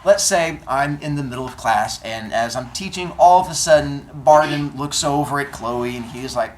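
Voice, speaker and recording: A male teacher addressing his class with deadpan humor, playful and mock-stern, acting out his students as he goes. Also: mid-range voice, normal speed, hardly any pauses, slight background noise.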